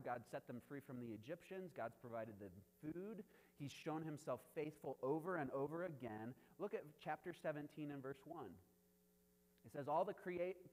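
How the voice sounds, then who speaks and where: A man with a somewhat high voice preaches in a casual, conversational way, checking in with "right?" as he goes. His voice rings out with the long reverb of a large hall. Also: darkish tone. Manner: conversational preaching, frequent "right?" asides, chuckles. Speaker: pastor. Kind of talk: sermon.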